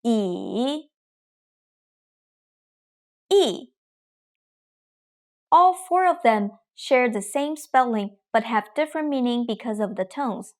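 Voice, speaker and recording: A young adult woman teaching Mandarin pronunciation in a scripted lesson, speaking slowly and carefully, demonstrating sounds. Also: a little high, lively intonation.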